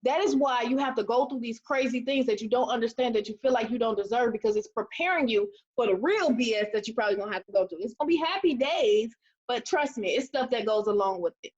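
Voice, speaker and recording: A high-pitched woman in her thirties gives a motivational talk to her team on a webinar. She is animated and preachy and acts out the quotes in her stories. The audio is dull and lo-fi, as from a computer mic. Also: fast talker. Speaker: team leader.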